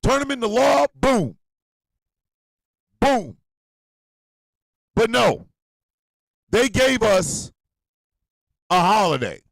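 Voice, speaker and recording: A man hosting a radio show, ranting loudly and profanely, swinging between shouting and low muttering. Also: very animated, drawn-out words, gravelly, pauses often, no echo. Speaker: host. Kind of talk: ranting commentary.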